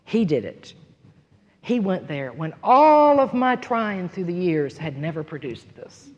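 A woman teaching a sermon, earnest and emphatic, moving between loud conviction and hushed personal storytelling. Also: on the low side, very animated, a little slow, long reverb tail, muffled recording. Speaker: Bible teacher.

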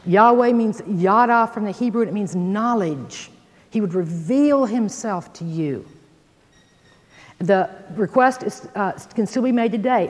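A woman leads a sermon, reading scripture aloud with bold emphasis and dropping folksy asides to her listeners. Her voice swings widely in pitch. Long reverb trails her words. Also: expressive, measured pace, a little mellow. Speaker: Bible teacher.

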